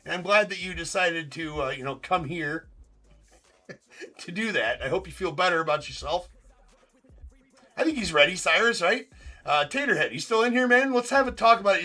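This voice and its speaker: A man's voice: sits high, expressive, moderate pace, pauses often, sharp tone, soft background music. A man hosting a live card break stream, talking casually and teasing viewers in the chat with loose, rambling banter. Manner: teasing, rambling, with frequent laughs and filler words.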